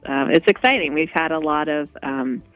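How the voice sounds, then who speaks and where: A woman's voice: low-pitched, normal speed, no room sound. A woman guest in a radio interview, talking in a rambling way with many restarts. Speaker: guest, walk co-founder. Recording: dull lo-fi radio audio.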